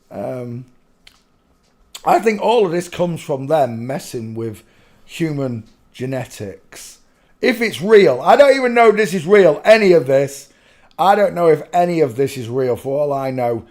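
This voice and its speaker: A man talking casually to his viewers on his own channel. His voice sits a little high, and he rambles with restarts and the odd curse. He often slips into giggling. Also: a little mellow. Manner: rambling, swearing, prone to giggling fits. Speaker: channel host. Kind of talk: casual commentary.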